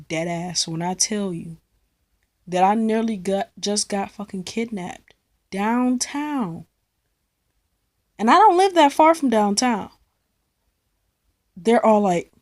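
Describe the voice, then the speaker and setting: A woman's voice: medium pitch, lively intonation, slow pace, long pauses, a little mellow. A young woman from Cleveland telling a rambling, slang-filled story in a casual vlog, swearing freely. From Cleveland, United States. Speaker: vlogger.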